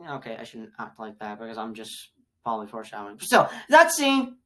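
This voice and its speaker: Rambling low-pitched woman reviewing a film. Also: huge pitch swings, a little fast. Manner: rambling and repetitive, swinging from loud outbursts to low mumbles. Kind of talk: casual spoken review.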